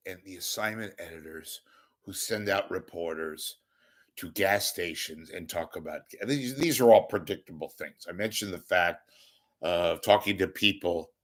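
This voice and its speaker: A hoarse man delivering a sarcastic ranting monologue as a commentator. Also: low voice.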